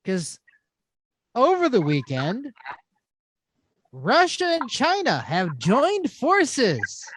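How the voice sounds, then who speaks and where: A man's voice: extremely high pitch, huge pitch swings, extremely slow, a bit bright, a little hiss or hum. A middle-aged man hosting a podcast, ranting and swearing through casual chat. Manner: ranting and profane. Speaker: podcast host.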